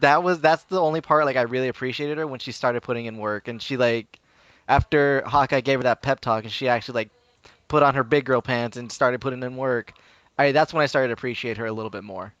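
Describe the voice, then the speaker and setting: A man jumps into a podcast chat with quick jokes. His voice is mid-pitched, dry and close, and it comes through a dull, lo-fi line. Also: a bit bright, no echo. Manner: jokey, interjecting.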